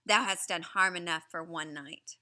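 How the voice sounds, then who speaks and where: Woman reading a proud, indignant father wolf, forceful and bright. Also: on the low side, normal speed. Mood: angry.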